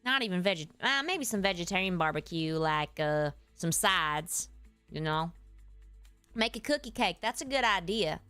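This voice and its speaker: A woman's voice: lowish voice, expressive, moderate pace, sharp tone, smooth, no echo, faint music behind. A woman voicing a folksy, easygoing streamer character with a Southern accent, chatting with viewers while she plays. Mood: chatty. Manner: folksy, addresses chat as y'all. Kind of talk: live stream chat while playing.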